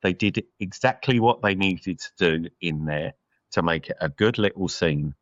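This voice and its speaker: A man's voice: deep voice, normal speed, dry recording, highs cut off. A man co-hosting a podcast, chatting casually about a film and thinking aloud with lots of fillers. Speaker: podcast co-host. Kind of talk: casual film review chat.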